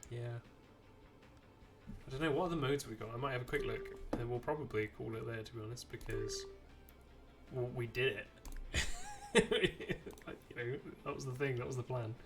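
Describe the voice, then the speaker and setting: A man in an easygoing gameplay stream, his pitch sitting right in the middle. He rambles along and chats with the characters on screen. Game music plays clearly underneath him. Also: fairly quick. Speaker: streamer playing a video game. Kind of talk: casual live gameplay commentary.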